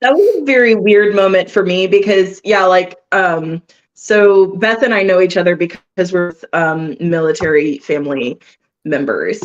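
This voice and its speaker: Woman from the south rambling slow, muffled lo-fi sound. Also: lowish voice. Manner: rambling, many "like" fillers. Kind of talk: casual chat. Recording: dull lo-fi audio.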